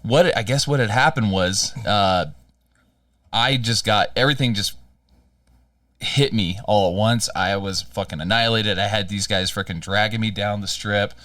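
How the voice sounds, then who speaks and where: A man's voice: fairly low pitch, moderate pace, a bit bright, dry recording, clean studio sound, distant mic. A man co-hosting a podcast, telling a rambling, profane story in casual chat. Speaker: podcast co-host.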